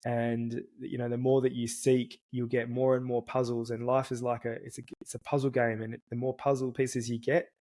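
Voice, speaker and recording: An earnest man shares a personal story as a podcast guest, his voice level and steady with little rise or fall. He talks in a casual, reflective way, often starting a word twice before going on. His pitch sits in the middle for a man. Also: normal speed, hardly any pauses. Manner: earnest, restarts words often.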